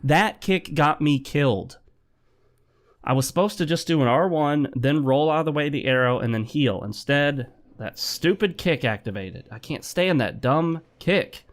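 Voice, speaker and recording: A man's voice: a little high, moderate pace. A man doing casual let's-play commentary, talking over his game and breaking into frustrated rants. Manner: chatty, easily frustrated rants. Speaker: gaming commentator.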